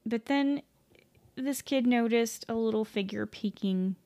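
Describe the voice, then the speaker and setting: A woman's voice: fairly high pitch, measured pace, mellow. A woman casually telling a ghost story at home, rambling with many fillers, self-corrections and casual swearing. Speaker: podcast host.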